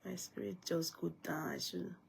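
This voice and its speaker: A woman's voice: fairly low pitch, sing-song, creaky, a little hiss or hum. Grieving woman with a Nigerian accent. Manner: halting, subdued, breaking off mid-sentence. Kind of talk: late-night livestream chat.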